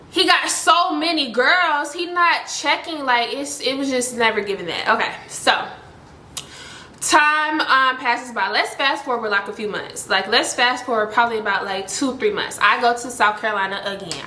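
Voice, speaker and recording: A young woman telling a story in a casual vlog, animated and full of "like". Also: roomy sound, a little hiss or hum. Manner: animated, heavy use of "like", voices other people with high pitch jumps. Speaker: storytime vlogger.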